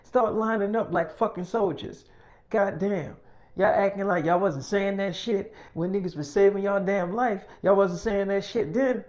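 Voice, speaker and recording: A man's voice: sits high, moderate pace, a little mellow, lightly acted. A man voicing a bossy, foul-mouthed, fatherly enforcer who barks streetwise orders. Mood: menacing. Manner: profane, streetwise, barking orders.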